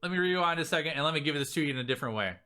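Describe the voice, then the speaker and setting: Bright, energetic male business coach. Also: a little high, rapid-fire, clean tone. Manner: energetic, acts out sample messages. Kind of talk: casual teaching talk.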